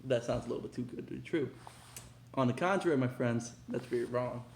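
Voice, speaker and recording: A young man hosting a casual unboxing vlog, talking in an excitable, slangy, hyped way. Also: mid-range voice, brisk, creaky, a little hiss or hum. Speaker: vlogger. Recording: echoey room.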